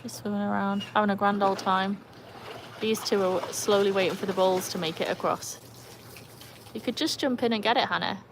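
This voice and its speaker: A woman's voice: medium pitch, fairly even intonation, normal speed, background noise. A British woman hosting a casual live stream by a pool, chatting to viewers and her dogs. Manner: chatty, reads out comments, coaxes dogs. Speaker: livestream host with dogs. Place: outdoors by a pool. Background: splashing and dogs barking.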